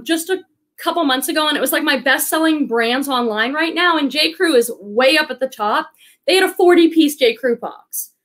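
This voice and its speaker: With a high voice and a fairly bright tone, a woman runs a chatty live reselling stream. Slightly breathless, she keeps things bubbly and enthusiastic, treating her viewers like friends.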